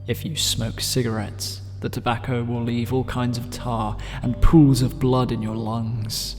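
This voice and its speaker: A man's voice: mid-range voice, little pitch movement, unhurried, few pauses. A man reads horror spoofs in a mock-spooky storytelling voice, hamming up the creepy bits. His mid-range voice rings in a long reverb. Faint music plays underneath. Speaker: gaming YouTuber. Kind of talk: comedic dramatic reading.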